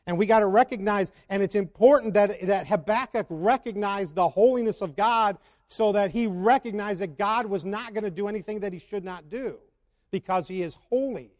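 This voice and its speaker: A man's voice: sits high, darkish tone. A man preaching a sermon and asking the congregation rhetorical questions. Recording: long hall reverb.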